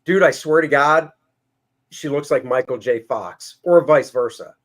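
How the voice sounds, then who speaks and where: Middle-aged male host, somewhat higher voice, relaxed and agreeable. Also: a little slow. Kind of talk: casual chat.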